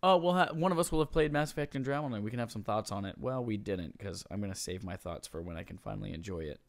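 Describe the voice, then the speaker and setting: A man's voice: on the low side, quick pace, gravelly, no echo. A young man co-hosting a gaming podcast in casual chat, joking around and reading quiz clues aloud. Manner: playful, jokey, reads quiz clues aloud. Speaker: podcast co-host.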